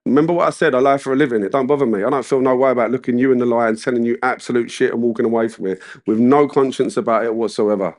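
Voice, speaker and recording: A man's voice: mid-range voice, fairly even intonation, rapid-fire, few pauses, darkish tone. A man with a British accent giving a personal recovery share as main speaker, chatting in casual slang with many asides. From United Kingdom.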